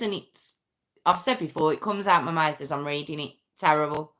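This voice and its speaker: A woman hosts a live true crime stream in a loose, chatty way, teasing herself and answering viewers as she goes. Her pitch sits in the middle for a woman, and her talk rambles with quick restarts. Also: a bit bright. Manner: chatty, self-mocking, answers comments as she talks. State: sore arm. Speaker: true crime livestream host. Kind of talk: casual live chat with viewers.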